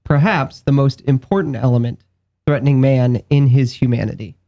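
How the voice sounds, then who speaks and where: A man on a podcast reading a quotation aloud slowly and carefully. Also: mid-range voice, dark tone.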